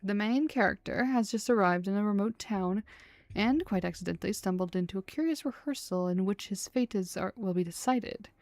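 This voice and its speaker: A woman's voice: medium pitch, brisk, a little mellow, no echo, lightly acted. A woman voicing a pompous male theater director who speaks in a grand, theatrical way with showy Italian flourishes.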